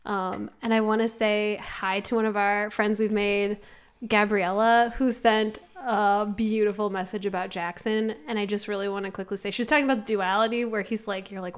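A woman from the American Midwest with a Midwestern accent, co-hosting a podcast in casual chat and telling things in an animated, giggly way. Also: medium pitch, normal speed, smooth. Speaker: podcast co-host.

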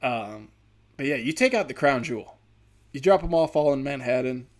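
Male comic, podcast host, rambling and profane, mild speech impediment, mid-pitched. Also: lively intonation, normal speed. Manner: rambling, profane, many fillers. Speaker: stand-up comedian and podcast host. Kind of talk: casual podcast monologue.

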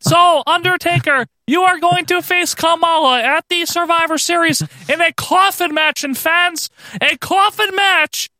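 A man doing a high squeaky wrestling interviewer. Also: a little slow, sharp tone, dry recording, exaggerated voice. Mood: theatrical.

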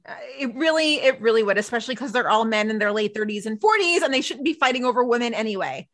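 A woman co-hosting a podcast in casual chat, agreeing warmly and reading out listener comments. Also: a little high, animated, fast talker. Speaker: podcast co-host. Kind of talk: casual fan chat about a TV show.

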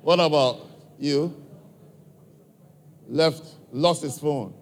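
African-accented guy, bit high voice, talking to a crowd at church, asking folks stuff, coaxing. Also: very slow. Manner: coaxing, direct, asks the audience many questions. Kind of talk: live address to a crowd, questioning listeners.

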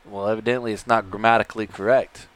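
A man co-hosting a casual podcast, full of teasing jokes and quick interjections. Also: on the low side, level tone, a bit bright, poor audio. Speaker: podcast co-host. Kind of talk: casual chat.

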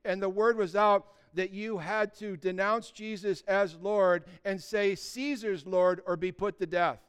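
A man's voice: high-pitched, fairly even intonation, measured pace, fairly bright tone, clean tone. A male pastor preaching a sermon, emphatic and storytelling, building his points through repeated phrases.

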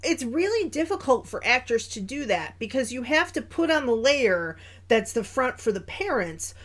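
A woman co-hosts a film podcast in easy, casual conversation. Her voice sits a bit high, and she breaks into laughter often as she riffs on scenes. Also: moderate pace. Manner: animated, laughs often while talking. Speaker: podcast co-host. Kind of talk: casual chat reviewing a film.

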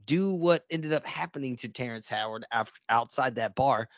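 A man's voice: medium pitch, moderate pace, dry recording. A man co-hosting a casual podcast movie review, blunt and heavy on swearing. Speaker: podcast co-host.

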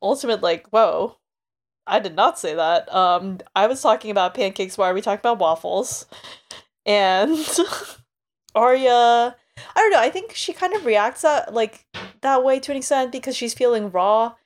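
A woman co-hosting a book podcast in casual chat, talking freely and acting out quotes in quick asides. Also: on the high side, animated. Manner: chatty, acts out quotes in asides. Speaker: podcast co-host.

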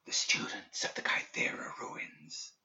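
A man's voice: measured pace, bright, forceful tone. A man voicing the faint, unvoiced whispers of dead students' spirits, in a whispered role-play from a storybook reading. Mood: urgent. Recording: dull lo-fi recording.

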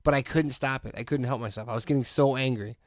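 A man's voice: medium pitch, steady tone, quick pace, no echo. A man co-hosting a podcast in casual chat, animatedly telling a story and acting out the people he quotes. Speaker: podcast co-host.

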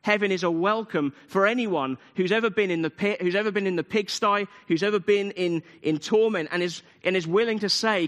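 A man preaching in a fairly high voice, retelling a parable and leaning on repeated phrases for emphasis. His words carry a long reverb, as if spoken in a large hall. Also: a little fast, hardly any pauses, fairly bright tone. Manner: storytelling, emphatic repetition. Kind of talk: sermon.

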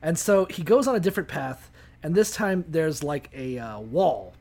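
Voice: mid-range voice, animated, moderate pace, a little mellow. A podcast co-host casually retelling a bible story with lots of swearing, jokes and fillers. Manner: profane, jokey, full of fillers.

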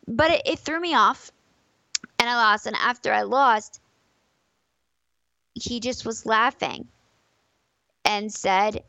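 A woman's voice: a little high, lively intonation, takes it slowly, vocal fry, pauses often, bright, forceful tone, no echo, highs cut off. A woman talks as a podcast guest, pressing her points with emphasis and repeating phrases for weight. She is recorded close and dry, with no room sound. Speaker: podcast guest, competitive fighting game player. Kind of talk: casual podcast conversation.

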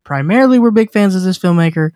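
A man's voice: sits high, animated, quick pace, darkish tone, no room sound, studio quality. A man co-hosting a podcast, chatting casually about horror films in a rambling, joking way with many restarts. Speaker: podcast co-host.

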